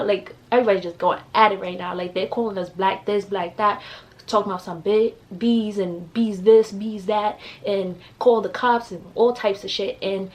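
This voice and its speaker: Young woman w new telling a story to her camera, swears a lot, gets loud doing other people's lines, middle-pitched voice. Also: normal speed. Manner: animated, profane, acts out quotes in raised voices. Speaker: vlogger. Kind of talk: casual storytime.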